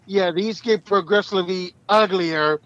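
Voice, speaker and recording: A middle-aged man, a truck driver, telling stories casually, profane and animated, acting out the people in them. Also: sits high, unhurried, no room sound, dull audio. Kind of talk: casual podcast storytelling.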